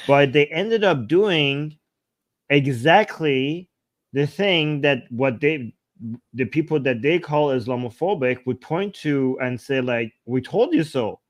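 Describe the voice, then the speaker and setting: A man's voice: medium pitch, dry recording. A man co-hosting a casual political chat show, explaining things informally, with false starts and repeated words. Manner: hesitant restarts, informal explaining. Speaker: co-host.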